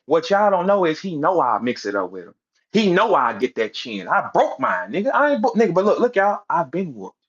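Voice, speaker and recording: A man's voice: on the high side, husky. Angry man ranting on a muffled stream. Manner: profane, confrontational, mocking impressions of others. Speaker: battle rap personality on a live audio space. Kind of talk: heated rant.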